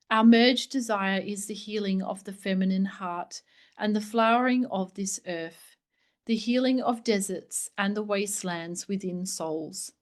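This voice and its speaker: Soft, slow-spoken woman reading meditatively. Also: medium pitch. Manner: soft, gentle, hushed, at times breathy near a whisper. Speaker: host reading a spiritual book aloud.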